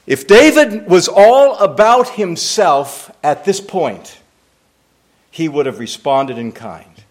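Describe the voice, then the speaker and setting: A man's voice: high-pitched, expressive, takes it slowly. A man delivering a sermon as pastor, emphatic and repetitive, asking rhetorical questions.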